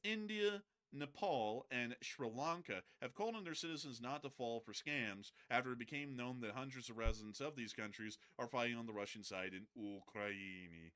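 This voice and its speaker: A man hosts a casual live news commentary stream at an ordinary, mid-range pitch. He slips joking asides into the updates. He corrects himself quickly when he gets a detail wrong. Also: a bit bright.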